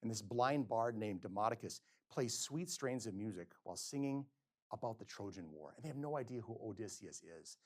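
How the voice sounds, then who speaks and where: A middle-aged male physician giving a lecture, telling stories and acting out quotes with sudden swings between loud and soft. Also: on the low side, lively intonation, a little fast. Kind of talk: lecture with storytelling. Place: lecture hall.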